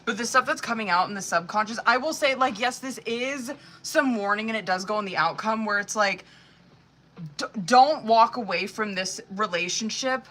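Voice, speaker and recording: Woman, tarot reader, bright tone, swears a lot, rambling casual chat. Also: fairly high pitch, brisk, few pauses. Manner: profane, chatty, full of "like" and "you know what I mean". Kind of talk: live-streamed tarot reading, casual chat.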